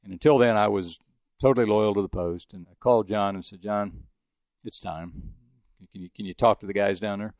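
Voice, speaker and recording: Older man from Texas, ex-sportswriter; quick, gravelly, rambling storyteller, dry sound. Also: fairly low pitch, steady tone, darkish tone, dry recording. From El Paso, Texas. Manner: fast, rambling anecdotes with many restarts. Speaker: retired sports journalist. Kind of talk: interview storytelling.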